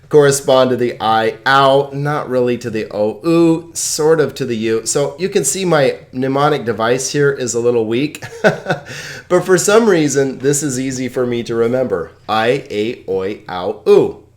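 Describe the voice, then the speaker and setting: A middle-aged man teaching a video lesson on Greek, enthusiastic and often chuckling as he explains. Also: medium pitch.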